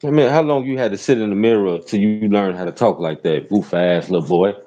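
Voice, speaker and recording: A man's voice: lowish voice, a little fast, mellow, highs cut off. A man from Chicago, a rideshare driver and show host, giving loose, profane ranting commentary from inside a car and repeating "real talk" often.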